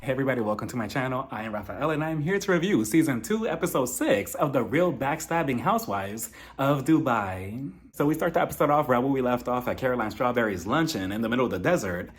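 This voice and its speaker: Brief: a man hosting a casual review, animated and mocking, with lively pitch swings. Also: fast talker, soft background music. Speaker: TV show reviewer. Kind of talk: casual commentary.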